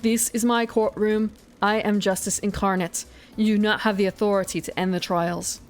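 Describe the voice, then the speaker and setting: A woman's voice: medium pitch, fairly even intonation, natural voice. A woman putting on a pompous judge with a French lilt. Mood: imperious. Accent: put-on French accent, slipping. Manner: grand, slow, pompous pronouncements. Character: imperious female judge of a cosmic court.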